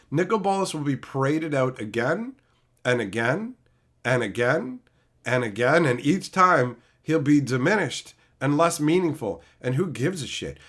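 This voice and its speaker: A man in his thirties, live-streaming and chatting with viewers by name, ranting with lots of profanity. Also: a little high. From Canada. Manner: animated, profane ranting, answering chat by name.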